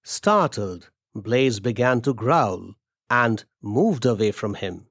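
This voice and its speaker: A man narrating a storytelling podcast in a measured, deliberate way. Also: mid-range voice, expressive, a bit bright, dry recording, clean studio sound.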